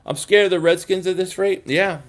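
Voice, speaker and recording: A man's voice: sits high, fairly even intonation, fairly quick. A man from the area hosting a fan livestream, ranting in a frustrated, rambling way and reading viewer comments. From Philadelphia area. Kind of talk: casual livestream rant reading chat.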